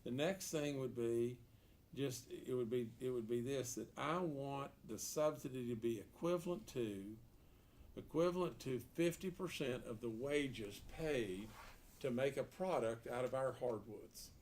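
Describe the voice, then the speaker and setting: Unhurried and a little mellow, a man with a mid-range voice answers an editorial board without a script while seated around a table in a meeting room. As a political candidate, he's folksy and emphatic, repeating himself and asking rhetorical questions.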